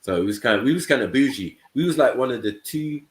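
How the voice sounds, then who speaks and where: A man's voice: medium pitch, animated, fast. A man from England, chatting on a live panel and telling stories about growing up, often checking in with "you know what I mean". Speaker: panel host. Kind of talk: casual panel chat. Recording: echoey room.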